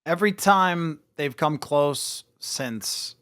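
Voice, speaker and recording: A man's voice: on the high side, slow, a bit bright, clear, resonant tone, no echo, clean studio sound. A man hosting a casual sports podcast, talking animatedly and slipping into mock voices when he quotes fans. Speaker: podcast host.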